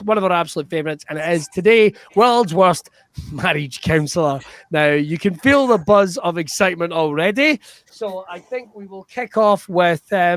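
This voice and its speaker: A man hosting an improv comedy show over a video call, energetic and laughing through quick banter. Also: high voice, dry recording, clean studio sound. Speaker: host.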